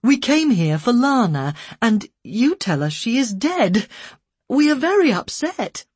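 A woman's voice: medium pitch, big pitch swings, measured pace, darkish tone, breathy edge, dry recording, pitched above the performer's own voice. A woman voicing a polite, upset husband who is trying to adopt a child, apologetic but firm.

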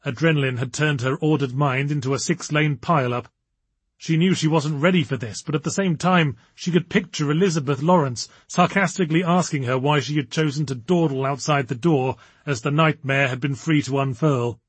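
Male narrator, husky voice. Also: on the high side, normal speed, dry recording. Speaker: audiobook narrator. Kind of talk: scripted narration.

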